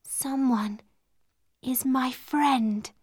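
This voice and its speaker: A woman voicing a gentle, hopeful young girl, speaking softly and slowly, often near a whisper. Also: high-pitched, dry recording, clean studio sound, pitched above the performer's own voice. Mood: tender. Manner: soft, slow, often hushed.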